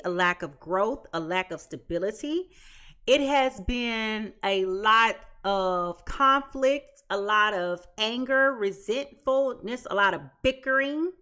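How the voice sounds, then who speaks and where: Woman tarot reader, casual, emphatic, repeats phrases, high sharp voice. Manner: chatty and slangy, restarts often. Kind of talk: casual tarot reading to viewers.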